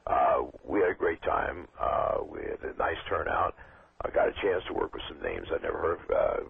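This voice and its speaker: An older man, a wrestling trainer, talking in a rambling, halting way with many fillers as a guest on a call-in show. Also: extremely low pitch, creaky, a little hiss or hum. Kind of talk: casual phone interview. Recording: tinny phone line.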